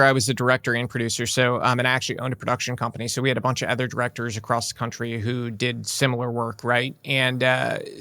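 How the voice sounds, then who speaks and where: A man's voice: medium pitch, pushed and bright. A man in his forties, a guest in an interview, talking earnestly with frequent "right?" and "you know" asides. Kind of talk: casual interview talk.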